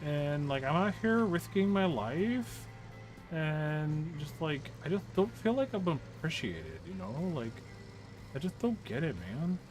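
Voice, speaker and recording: A man's voice: extremely high pitch, moderate pace, few pauses, fairly bright tone, faint music behind, voice pushed up, rough recording. A man voicing a whiny, aggrieved young male truck worker who complains in a sulky, filler-heavy way.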